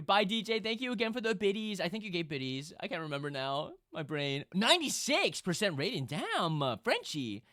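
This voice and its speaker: Lively, bright-voiced male streamer. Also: high-pitched, moderate pace, no room sound, clean studio sound. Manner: lively, chatty, breaks into loud laughing outbursts. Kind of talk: casual live-stream chat.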